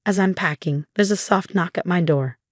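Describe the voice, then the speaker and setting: A woman narrating a first-person story in a steady, scripted reading. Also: fairly low pitch, moderate pace, dry recording, clean studio sound.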